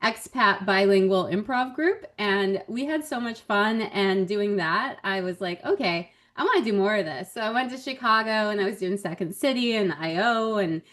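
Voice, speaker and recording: A woman comedian as a podcast guest, telling stories in a chatty, animated way with frequent laughs. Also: mid-range voice, moderate pace, few pauses. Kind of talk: casual podcast chat.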